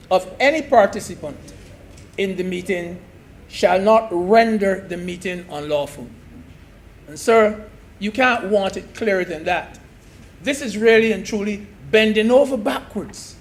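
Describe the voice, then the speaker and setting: A man's voice: sits high, slight background noise. A man giving an emphatic speech in a senate debate, repeating key phrases and addressing the chair as sir.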